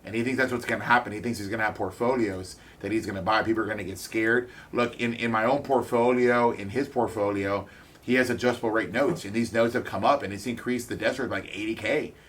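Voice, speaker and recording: A man giving a blunt, candid motivational talk as a real estate investor, swearing freely, speaking in quick bursts with halting restarts. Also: fairly low pitch, steady tone, a bit bright.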